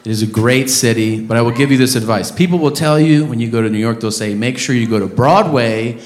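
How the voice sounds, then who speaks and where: A man doing stand-up comedy on a club stage, ranting loudly and profanely in animated bursts. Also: medium pitch, quick pace. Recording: roomy club with audience laughter.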